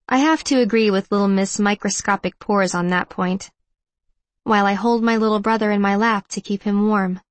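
A woman's voice: mid-range voice, fairly even intonation, normal speed, no room sound. Woman reading a reflective first-person audiobook. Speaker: audiobook narrator. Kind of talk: first-person scripted narration.

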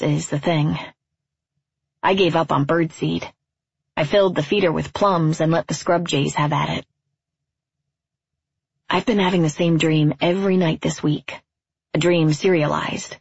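Low, husky woman reading a story. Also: a little mellow, dry recording. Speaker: narrator. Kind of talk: literary reading. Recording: dull lo-fi, dry.

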